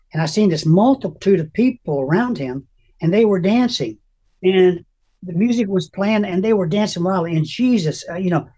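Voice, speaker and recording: An older man with a husky, breathy, slightly mellow voice shares his personal faith testimony as an interview guest. Earnest and deeply emotional, he acts out the lines he quotes as he tells the story.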